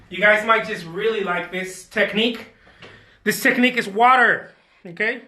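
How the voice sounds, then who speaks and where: A chatty man with a fairly high, bright voice talks through an art demonstration. He jokes and boasts in a playful, self-mocking way. The sound rings a little in an echoey studio room. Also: normal speed. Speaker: artist hosting a drawing demo.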